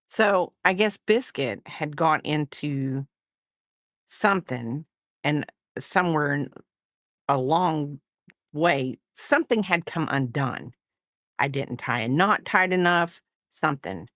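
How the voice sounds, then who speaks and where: Speaking a little slowly in a lowish, expressive voice with a slight brightness, a woman hosts a casual crafting livestream from home. She's chatty and rambling, and she often apologizes for herself. The audio is clean, studio-grade and echo-free.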